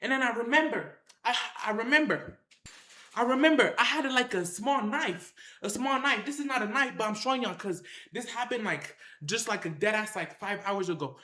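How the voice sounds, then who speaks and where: Animated storyteller in an echoey room. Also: normal speed. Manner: animated, punctuated with sound effects like "boom"; slangy, addresses the audience directly. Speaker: vlogger telling a story to viewers. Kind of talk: excited storytelling to camera.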